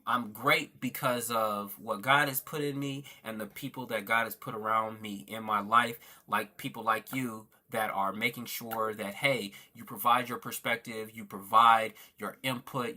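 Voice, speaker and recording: Livestream host: man, very bright and forceful tone, earnest and thankful, chatty with a preacher's lean, phone mic. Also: medium pitch. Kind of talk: casual livestream chat reading viewer comments.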